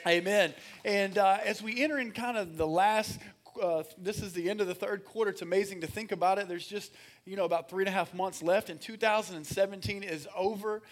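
A man preaching a sermon as pastor, energetic, calling on the congregation to answer and reading scripture aloud with frequent fillers. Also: high voice, a little fast. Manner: energetic, calls for congregation responses.

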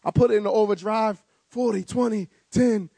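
A man from New Jersey, a guest speaker telling an animated story with vivid details and stammering repeats. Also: sits high, normal speed, vocal fry, dry recording. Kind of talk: storytelling speech.

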